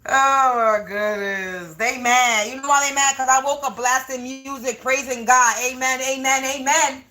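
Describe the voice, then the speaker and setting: A woman doing a tarot reading on a livestream at home, muttering over her cards, then shouting and swearing at people she thinks are against her. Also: sits high, steady tone, measured pace. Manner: swears a lot, swings between muttering and shouting. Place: home room.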